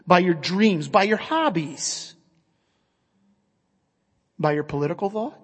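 Guy preaching a sermon, high voice, earnest and chatty, big reverby hall. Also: lively intonation, slow pace, fairly bright tone, slightly rough. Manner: earnest, conversational preaching with rhetorical questions. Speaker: pastor.

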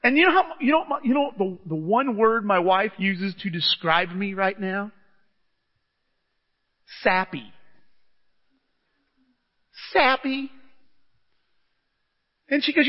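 A man's voice: high voice, lively intonation, normal speed, few pauses. A middle-aged man preaching a sermon in a conversational, enthusiastic storytelling manner, recorded in a church. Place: church hall. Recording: muffled church recording with long reverb.

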